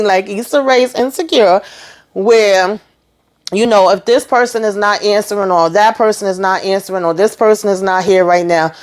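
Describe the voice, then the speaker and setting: A woman's voice: mid-range voice, a little mellow. A woman recapping a TV episode in a casual, emphatic way, tagging her sentences with "you know" and "okay". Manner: chatty, emphatic, acts out characters' lines. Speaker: TV recap host.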